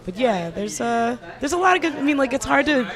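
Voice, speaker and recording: A woman's voice: sits high, sing-song, a little fast, crowd noise. A young woman from Louisiana, a band singer chatting in an interview, playful and hesitant with lots of fillers. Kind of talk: casual interview chat.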